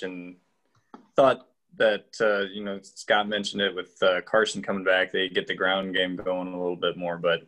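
Man, lowish voice, sports podcast co-host, measured and hedging. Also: a bit bright. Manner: measured, hedging, filler-heavy. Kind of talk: casual sports talk.

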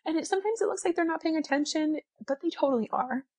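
A mother chatting casually about parenting, animated, laughing often and acting out little quotes. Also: sits high, fast talker.

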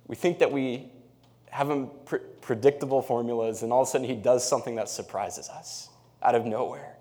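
Preaching with an easygoing, chatty delivery, this male pastor speaks in a mid-range pitch and at a fairly brisk clip. Storytelling and scripture reading both draw an animated energy out of him.

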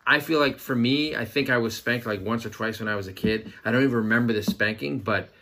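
A man's voice: medium pitch, fast talker, bright, forceful tone. Wry man podcast host. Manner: wry and dry, joking through opinions. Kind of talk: casual chat, reading listener comments.

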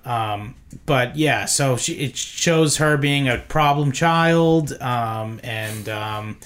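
A man's voice: mid-range voice, takes it slowly, fairly bright tone. Rambling man chatting about movies. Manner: rambling, with frequent fillers and trailing off. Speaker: podcast co-host. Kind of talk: casual movie discussion.

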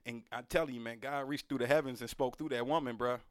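A young man co-hosting a podcast, telling a personal story in an earnest, animated way and leaning on slang. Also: mid-range voice, fast, clean tone, no echo, clean studio sound. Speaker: podcast co-host. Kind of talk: casual chat, storytelling.

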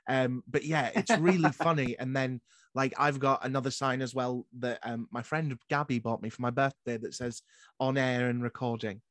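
A man hosting a podcast, chatting casually in an upbeat way and quick to laugh. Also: mid-range voice, steady tone, fairly bright tone, no room sound, studio quality. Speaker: podcast host. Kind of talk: casual chat.

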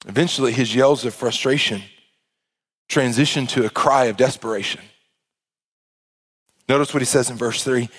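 A man preaching a sermon as pastor, impassioned, with stammering restarts and swings from hushed to loud. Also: mid-range voice, moderate pace, long pauses.

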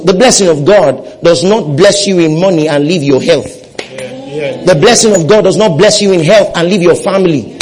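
A man's voice: sits high, a little mellow, low-quality recording. A man preaching a sermon, leading his congregation in call-and-response and repeating phrases for emphasis. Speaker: pastor.

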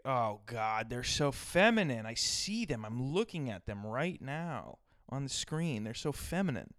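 A man's voice: mid-range voice, big pitch swings, a little slow, few pauses, a bit bright, no echo, clean studio sound. A man hosting his own podcast, riffing crudely and profanely in a rambling solo rant. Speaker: podcast host.

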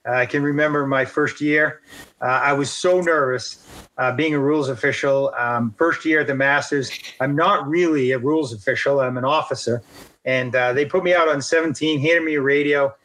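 A man's voice: medium pitch, moderate pace, a bit bright, poor audio. A middle-aged man, a golf rules official, telling a self-deprecating story in an interview with many fillers.

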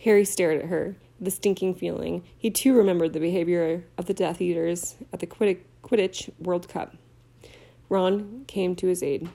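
Woman audiobook reader, warm mellow tone, plain storytelling. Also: on the low side, fairly even intonation, normal speed, creaky. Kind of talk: reading a novel aloud.

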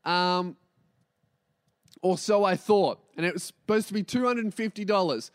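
A man's voice: high voice, moderate pace, clear, resonant tone, dry recording, clean studio sound. A man, telling a comedic story and acting out the dialogue. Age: 20s. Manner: animated, swearing, acts out dialogue. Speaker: podcast host.

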